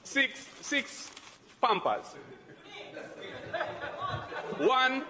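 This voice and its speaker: A man cries as he shouts out a list, his voice pitched very high and his words dragged out slowly. A loud crowd and heavy noise press in all around him. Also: very animated, in a large hall. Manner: listing items aloud in an upset, shouting voice.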